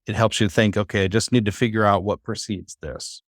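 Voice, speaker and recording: A Bible Hebrew teacher with a low voice gives a classroom lesson, speaking in a relaxed, halting way with lots of "uh" and restarted sentences. The sound is dry and close, with no room sound.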